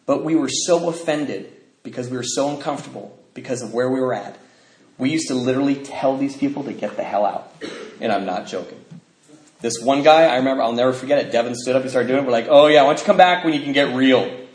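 Guy telling his recovery story to a crowd, lively, laughs a lot, roomy echo. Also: medium pitch, quick pace. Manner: animated storyteller who laughs as he talks. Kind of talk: personal testimony to an audience. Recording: echoey room with faint noise.

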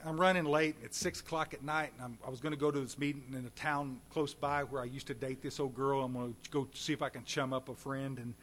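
A man's voice: mid-range voice, fast, few pauses, slight background noise. Folksy man telling his recovery story. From Texas. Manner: folksy and animated, addresses audience directly. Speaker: recovery speaker. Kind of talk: recovery meeting talk.

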